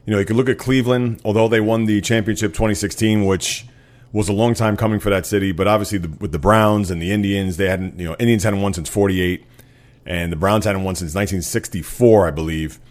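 A man's voice: on the low side, fairly even intonation, brisk. A man hosting a sports podcast, talking casually and at length with lots of fillers. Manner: rambling, filler-heavy, frequent "uh". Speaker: podcast host.

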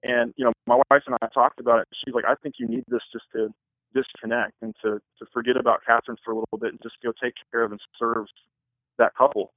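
A man's voice: medium pitch, fast, dry recording. Earnest man on a tinny phone line. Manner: earnest, rambling storyteller. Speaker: wedding photographer. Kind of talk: casual interview answers.

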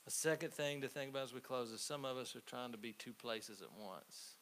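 A man preaching a conversational sermon, telling stories with halting restarts. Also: medium pitch, a bit bright. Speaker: pastor. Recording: faint hiss.

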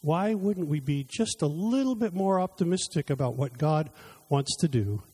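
The preacher's voice is a little high, warm, and husky, with lively intonation at a normal speed. Conversational in manner, he relates personal stories, performs his own dialogues with God, and wraps up by leading a closing prayer.

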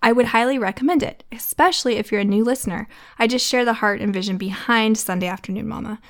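A woman's voice: on the high side, fast. Earnest mother hosting a faith podcast. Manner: earnest, warm-hearted, laughs often, tears up reading lyrics. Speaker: podcast host. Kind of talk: faith-based conversational podcast.

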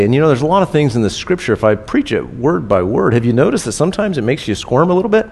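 A man's voice: a little high, big pitch swings, quick pace, vocal fry, hardly any pauses, darkish tone. A man preaching a sermon in a casual, conversational way, repeating key phrases for emphasis. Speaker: pastor. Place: church.

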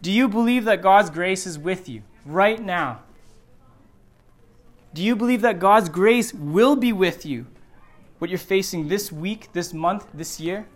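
A man's voice: sits high, unhurried. A middle-aged man preaching a sermon in a church, earnest and repeating phrases for emphasis. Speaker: pastor. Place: church sanctuary.

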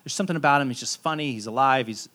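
A man in his thirties, a pastor preaching a sermon in a relaxed, conversational and self-deprecating storytelling way. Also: mid-range voice, racing.

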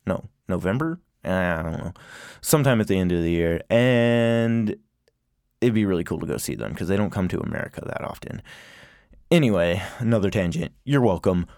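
A man's voice: deep voice, animated, normal speed, a little mellow, dry recording. A man hosting his own podcast, swearing a lot and wandering off on tangents as he talks from a small closet studio. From lives in Portland. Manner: profane, ranting, wandering off on tangents. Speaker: podcast host. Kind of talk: casual rambling monologue.

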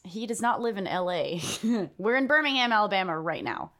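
A woman guest on a podcast, chatting casually and telling animated stories with swearing. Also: mid-range voice, fairly quick. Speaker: podcast guest, musician and streamer. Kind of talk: casual chat.

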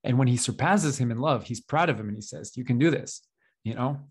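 Quick and husky at a medium pitch, this young man co-hosts a podcast in a casual, rambling chat. Fillers and little laughs come constantly, and he's self-deprecating throughout.

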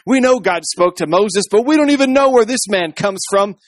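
A man's voice: animated, moderate pace, dry recording, studio quality. Scornful accusers, raised and pointed, read by a man in a sermon. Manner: accusing, pitched up. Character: hostile religious leaders, accusing, scornful.

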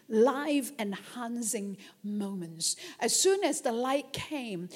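Woman preacher, high voice swooping up and down, slow emphatic sermon with lots of amens. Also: a little mellow, husky.

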